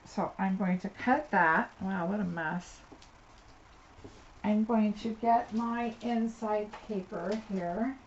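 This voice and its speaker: A woman's voice: medium pitch, slow. A woman giving a live card-making tutorial, chatting and thinking aloud as she works at her desk. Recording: slightly dull audio with faint noise.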